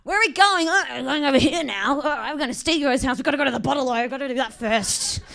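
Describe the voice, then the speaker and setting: A woman doing a drunk map-app voice, male, rude, loud, brash, high. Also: fast, gravelly. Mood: rowdy, rude.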